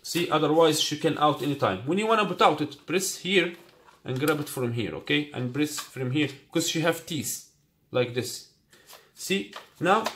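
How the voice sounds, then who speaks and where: A man's voice: fairly high pitch, normal speed, fairly bright tone. Man with non-native English in an echoey room. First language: Arabic. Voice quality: non-native English, repeats "you got me?". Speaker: product reviewer. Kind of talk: casual unboxing demo. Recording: echoey room, faint noise.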